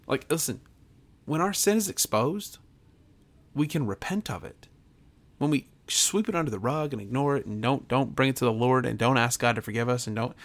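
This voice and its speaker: A man's voice: medium pitch, animated, moderate pace. A man, a pastor, preaching to his podcast audience in an earnest, emphatic way, often repeating himself and restarting phrases.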